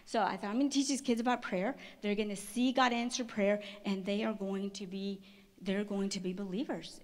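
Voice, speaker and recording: Woman conference speaker, personal testimony, lively, mid-pitched storyteller, restarts and laughs. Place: stage at a women's conference.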